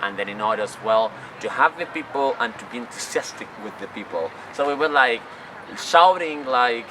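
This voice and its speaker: A man's voice: medium pitch, expressive, moderate pace. Guy rambling on in english, outdoors by traffic, mic far away. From Chile. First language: Spanish. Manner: chatty, rambling, non-native phrasing. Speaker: job applicant, tourist guide. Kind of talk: casual storytelling to camera. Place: outdoors in a city. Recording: distant mic, loud street noise.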